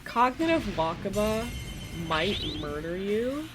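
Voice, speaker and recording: A woman's voice: mid-range voice, sing-song, slow, over music. A woman co-hosting a let's play, chatty and teasing, laughing often. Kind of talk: casual gameplay commentary.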